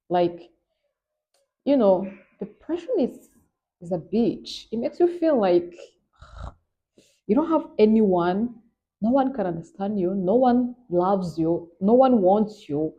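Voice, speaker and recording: A woman's voice: mid-range voice, expressive, slow pace, long pauses, muffled recording. A young Nigerian woman with a Nigerian accent, talking earnestly and emphatically in a personal vlog. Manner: earnest, emphatic, repeats "trust me". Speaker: vlogger. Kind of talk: candid personal vlog talk.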